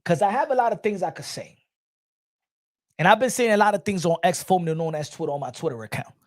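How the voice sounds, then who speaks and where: A man's voice: sits high, fast, no echo. Cast an emphatic male boxing host in dry close sound. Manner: animated, emphatic, opinionated. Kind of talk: casual livestream commentary.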